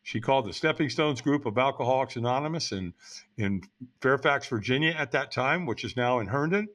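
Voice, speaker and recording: A man's voice: medium pitch, expressive, a little fast, a bit bright. A man in his sixties telling his life story as a podcast guest, frank and blunt with casual swearing. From United States. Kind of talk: candid personal storytelling.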